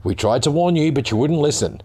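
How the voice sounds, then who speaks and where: A man's voice: a little high, lively intonation, fairly quick, darkish tone, breathy edge. Ranting Australian man. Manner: heated, sarcastic, swearing, rising to exclamations. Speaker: vlogger. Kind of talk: ranting commentary reading a news article.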